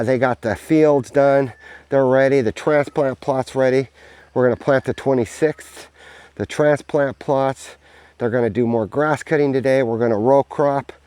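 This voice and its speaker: A man talks casually while walking a farm outdoors, rambling cheerfully and swearing freely. His voice sits at an ordinary pitch, recorded close on a handheld camera with a dry sound. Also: moderate pace, darkish tone, smooth, dry recording. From United States. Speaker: vlogger, farm owner.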